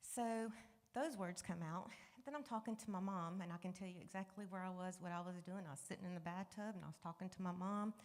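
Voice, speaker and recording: A woman speaks candidly to a congregation, telling her own story in a conversational way. Her voice sits on the low side, and at hard moments it sinks almost to a whisper. The church hall adds a long, ringing reverb. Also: brisk. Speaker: guest speaker sharing a testimony. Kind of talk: personal testimony to a congregation. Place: church sanctuary.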